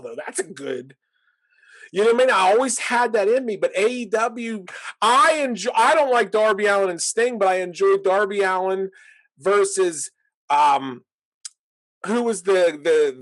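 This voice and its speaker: A man co-hosting a wrestling podcast, talking in a rambling, animated way and laughing often. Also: high voice, moderate pace, rough recording. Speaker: podcast co-host. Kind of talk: casual wrestling podcast chat.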